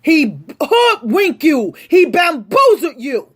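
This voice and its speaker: A woman delivering an impassioned, angry rant straight to her audience, speaking forcefully. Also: high voice, big pitch swings, slow pace. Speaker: vlogger. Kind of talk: impassioned direct-to-camera rant.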